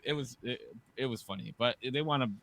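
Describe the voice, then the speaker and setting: A man in his thirties co-hosting a podcast, telling profane, animated stories and shouting the quoted lines. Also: mid-range voice, brisk, gravelly. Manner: animated, profane storytelling with loud quoted outbursts. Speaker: podcast co-host. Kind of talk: casual storytelling.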